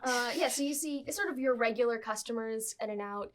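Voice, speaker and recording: A woman's voice: fairly high pitch, brisk. A woman narrating a tabletop game as game master, chatty and explanatory.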